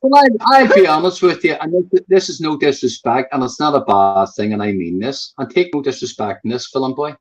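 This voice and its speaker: A man's voice: mid-range voice, lively intonation, fairly quick, few pauses. A man from Northern Ireland with a Northern Irish accent, talking in blunt, profane casual chat and repeating himself for emphasis. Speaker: guest on a live chat stream. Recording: dull lo-fi call audio.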